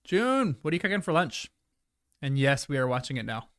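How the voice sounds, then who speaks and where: A man's voice: on the high side, sing-song, brisk, fairly bright tone, no echo, clean studio sound. A man hosting a livestream, chatting loosely and apologetically with his viewers, sometimes talking through a mouthful of food. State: chewing food at times. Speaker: livestream host. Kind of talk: casual chat with live viewers.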